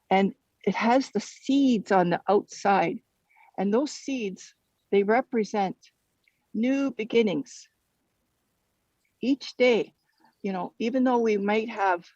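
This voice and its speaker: A storyteller telling a traditional teaching story in a gentle, halting way, often restarting phrases. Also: medium pitch, dry recording, muffled recording.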